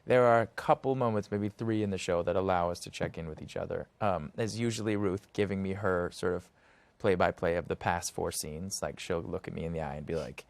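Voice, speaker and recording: A man's voice: low-pitched, a little fast, gravelly, dry recording. An American actor being interviewed, talking in a thoughtful way and hunting for his words with many fillers. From United States. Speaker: actor guest. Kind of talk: casual interview chat.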